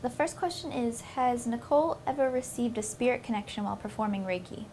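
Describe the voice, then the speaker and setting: A woman's voice: fairly high pitch, brisk, darkish tone, slight background noise. A woman co-host reading out listener questions in casual radio chat, upbeat with brief affirmations.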